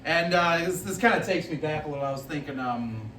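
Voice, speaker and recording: A man's voice: a little high, fairly quick, sharp tone, echoey room, distant mic, slight background noise. A man doing rambling stand-up comedy that he admits he is making up as he goes, often laughing at his own jokes. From Italian-American family. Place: live comedy venue, heard from the stage.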